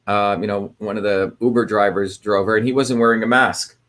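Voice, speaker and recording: A man hosts a casual livestream, greeting viewers by where they're from and explaining ideas in a loose, rambling way full of fillers and restarts. His voice sits on the low side, with a steady tone, a brisk pace, and a slightly bright quality.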